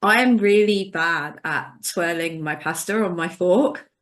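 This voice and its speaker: A woman with a posh English accent, co-hosting a podcast and telling lively anecdotes. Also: on the low side, measured pace. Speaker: co-host. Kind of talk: casual chat.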